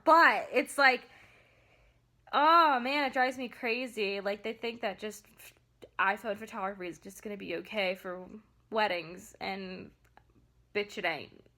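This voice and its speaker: A woman's voice: medium pitch, bright, forceful tone. A young woman venting in a vlog about her photography work, emphatic and upset, with many fillers and restarts. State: upset, near tears. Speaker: vlogger and photographer. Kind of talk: ranting vlog to camera.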